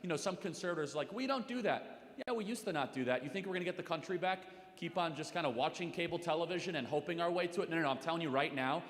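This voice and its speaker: A man's voice: fairly high pitch, racing, hardly any pauses. Urgent man exhorting in an echoey hall. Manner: urgent, exhorting, rising to forceful emphasis. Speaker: talk radio host on a panel. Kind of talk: impassioned panel speech. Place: large hall with audience.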